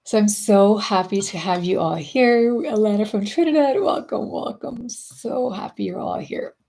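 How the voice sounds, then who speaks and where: A woman spiritual coach hosting a live stream, greeting viewers effusively and then speaking softly and intimately. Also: medium pitch, normal speed.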